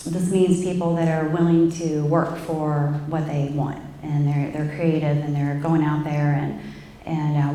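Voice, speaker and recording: Middle-aged woman, candid stage speaker with a deep voice, roomy theatre echo. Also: dark tone, slight background noise. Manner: candid, self-reflective, loose with fillers. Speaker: guest speaker. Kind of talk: candid personal talk to a live audience.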